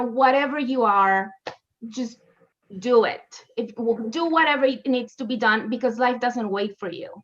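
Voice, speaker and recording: A woman's voice: on the high side, a bit bright. Earnest woman guest on a dull recording. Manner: earnest, encouraging, repeats herself. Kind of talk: casual panel discussion.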